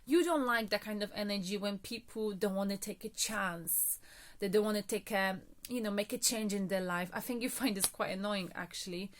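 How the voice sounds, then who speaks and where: A woman's voice: medium pitch, moderate pace, a little hiss or hum. A woman reading tarot cards in a casual, chatty monologue, a little out of breath, often checking in with "okay?" and filler words. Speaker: tarot reader.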